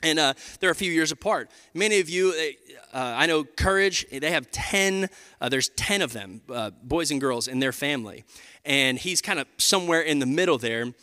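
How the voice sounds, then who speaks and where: A bright, forceful male pastor with a lilt, talking to his congregation like old friends. His slightly high voice rings out through a big church auditorium with a long, lingering reverb. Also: moderate pace, clear, resonant tone. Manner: animated and conversational, addressing the crowd as y'all. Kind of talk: sermon. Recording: live hall with long reverb.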